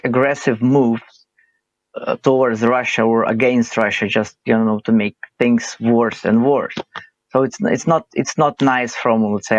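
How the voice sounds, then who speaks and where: A man's voice: mid-range voice, dry recording. Casting: male interviewer, hesitant English, dry muffled recording. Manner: halting, many restarts and fillers. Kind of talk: casual conversational reply.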